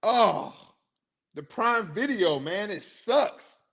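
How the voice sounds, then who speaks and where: Young man, sports podcast host, rambling animated chat, slightly high voice. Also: drawn-out words. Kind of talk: casual chat.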